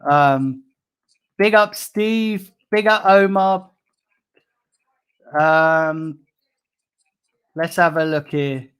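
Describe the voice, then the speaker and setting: A man's voice: on the high side, very slow, pauses often, a bit bright, smooth. An irate man rants into his live stream from a room at home, swearing freely. He breaks off to read the chat out before launching back into his complaints as a fed-up fan. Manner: angry, swearing, ranting. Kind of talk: live stream rant reading chat comments.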